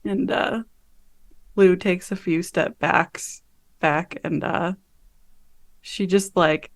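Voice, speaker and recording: A woman player in a tabletop role-playing game, describing her character's actions in a casual, halting way with many fillers. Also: fairly low pitch, fairly even intonation.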